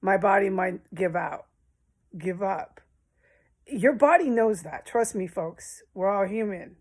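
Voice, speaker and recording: A woman's voice: mid-range voice, slow pace, a little mellow. Emotional rambling woman vlogger. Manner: emotional, swearing, addresses viewers directly. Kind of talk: rambling personal monologue.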